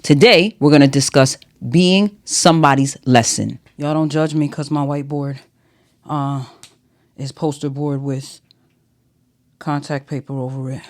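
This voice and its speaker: A woman's voice: extremely low pitch, steady tone, a little slow. Chatty woman hosting a solo podcast. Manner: chatty, playful, addresses listeners directly. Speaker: podcast host. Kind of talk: solo podcast talk with a whiteboard.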